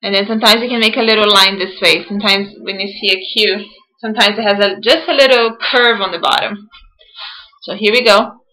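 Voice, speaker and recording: A woman teacher leading an early-years phonics lesson, patient and sounding words out slowly. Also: medium pitch, steady tone, pushed and bright, poor audio.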